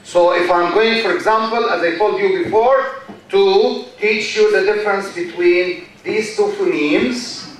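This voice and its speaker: A man's voice: high voice, measured pace, a bit bright, soft background music. A man with an Egyptian accent, a university lecturer giving a classroom lecture, who repeats key terms and keeps checking with "okay?". His native language is Arabic. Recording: echoey hall, voice far from the mic.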